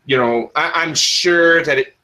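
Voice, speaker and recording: A man's voice: fairly high pitch, measured pace, bright, forceful tone, poor audio. A man hosting a podcast in casual talk, rambling with many restarts and fillers, and stopping to answer the live chat. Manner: answers live chat, spells words in the phonetic alphabet. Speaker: podcast host.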